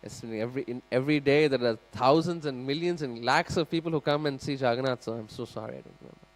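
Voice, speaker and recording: A man voicing an eager young male temple priest who gushes with excited praise. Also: medium pitch, fast talker, lightly acted, low-quality recording. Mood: apologetic.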